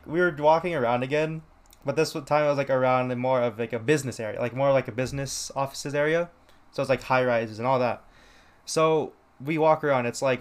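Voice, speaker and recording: A young man co-hosting a casual podcast, telling a rambling story full of "like" and quoted lines. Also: medium pitch. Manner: rambling, lots of "like", quoting others. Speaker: podcast co-host.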